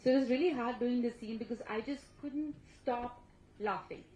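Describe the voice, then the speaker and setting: Chatty actress. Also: female voice, fairly high pitch, normal speed, background noise. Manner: chatty and animated, laughing and restarting often. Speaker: actress at a film press conference. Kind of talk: casual press-conference storytelling. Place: press conference hall. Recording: echoey, slightly dull press-room sound.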